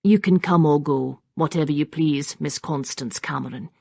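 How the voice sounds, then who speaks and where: A woman voicing a proud, bitter young Highland woman with a Scottish accent, cold and brittle in manner. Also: moderate pace, creaky, warm tone, no echo.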